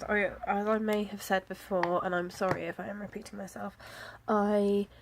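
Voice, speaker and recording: A woman talks casually through her planner, chatty and self-deprecating, with soft asides and plenty of fillers. Her pitch sits in a middle range, and a faint hiss lies under the recording. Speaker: planner vlogger. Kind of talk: casual chat.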